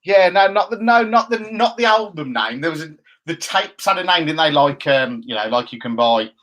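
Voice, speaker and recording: A man with a slightly raised pitch, talking casually on a chat show. He teases his co-host in playful banter and rambles through half-remembered details. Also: animated, moderate pace, a bit bright. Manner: jokey banter, playful mocking impressions. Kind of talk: casual chat with live viewers.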